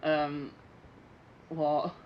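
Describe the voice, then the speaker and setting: A woman co-hosting a casual podcast chat, animated and giggly, often slipping into silly voices, recorded on dull lo-fi audio. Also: deep voice, extremely slow, crowd noise. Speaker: podcast co-host.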